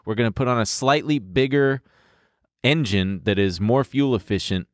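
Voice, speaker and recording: A man's voice: mid-range voice, normal speed, no echo, studio quality. A man co-hosting a podcast, explaining at length in a casual, profane way. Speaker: podcast co-host. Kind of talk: casual chat.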